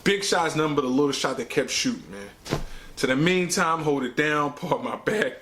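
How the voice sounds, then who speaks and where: A man's voice: fairly high pitch, expressive, moderate pace, a bit bright, slight background noise. A man hosting his own show, ranting casually about bad movies in slangy, emphatic talk that repeats words for effect. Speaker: movie reviewer, show host.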